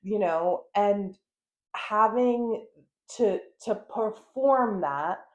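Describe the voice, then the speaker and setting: A woman's voice: mid-range voice, drawn-out words, lo-fi sound. A young adult woman from the United States hosting a podcast, chatting frankly with lots of fillers and the odd swear. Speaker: podcast host. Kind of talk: casual chat.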